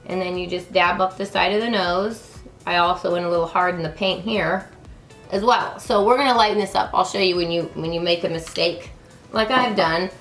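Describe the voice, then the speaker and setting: A woman's voice: on the low side, moderate pace, a bit bright, echoey room, faint music behind. A woman in her thirties chatting through a makeup tutorial, bubbly and talking straight to her viewers. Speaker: beauty vlogger.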